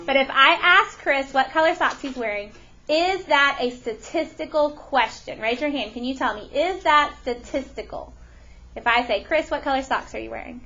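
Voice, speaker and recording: A woman teaching a math lesson to a classroom, animated and often questioning her students. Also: high voice, normal speed, dull audio.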